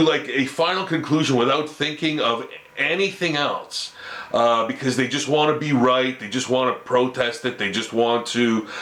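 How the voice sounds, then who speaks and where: A man's voice: mid-range voice, bright, forceful tone, reverberant. A Canadian man ranting his opinions to camera, rambling and stammering through restarts. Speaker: vlogger.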